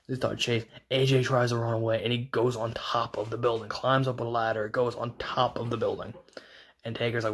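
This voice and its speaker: Man, casual wrestling recap, rambling, filler-heavy, eager, mid-pitched voice. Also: level tone, fairly bright tone. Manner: rambling, fast retelling full of "like" and restarts. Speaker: wrestling video reviewer.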